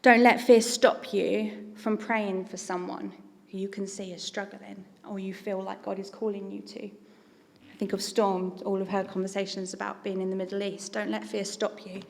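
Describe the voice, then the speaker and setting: A woman's voice: medium pitch, little pitch movement, moderate pace, creaky, in a large hall. A woman giving an earnest, conversational sermon as a preacher.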